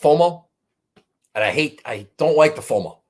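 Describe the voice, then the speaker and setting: A man's voice: fairly high pitch, animated, normal speed. A man hosting a golf betting show, talking casually in a rambling, profane, self-mocking way. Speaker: golf betting podcast host. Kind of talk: casual chat.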